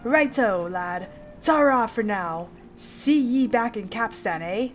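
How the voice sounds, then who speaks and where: A woman reads game dialogue in a fairly high, lively voice, putting on a broad Northern English accent to play a blunt, cheerful male shipwright foreman. She takes it slowly, and the hearty delivery is rough and dialect-heavy. There is slight background noise.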